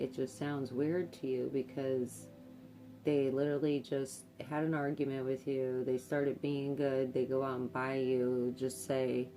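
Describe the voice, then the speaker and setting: A tarot card reader gives an intuitive reading to camera, speaking hesitantly with many fillers and repeated words. Her voice is extremely low and warm.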